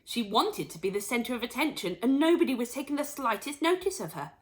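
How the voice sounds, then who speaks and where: A woman teacher reading a storybook aloud to children, expressive and pointing out the pictures as she goes. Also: a little high, fairly quick. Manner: expressive, shows pictures to listeners.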